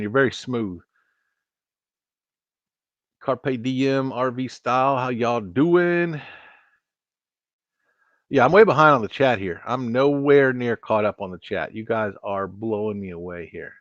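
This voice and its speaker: A man's voice: medium pitch, dry recording, dull audio. A man chatting casually with viewers while hosting a live stream, rambling and restarting his sentences. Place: home studio at a computer.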